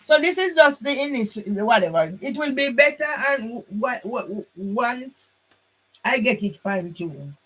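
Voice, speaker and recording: A woman's voice: a little high, lively intonation, measured pace, a bit bright, breathy edge, poor audio. An older woman vlogs to her phone camera in a combative, rambling way. She restarts her sentences and keeps throwing in a challenging "yeah?". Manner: combative, repeats tag question "yeah?". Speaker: vlogger. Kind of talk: casual monologue to camera.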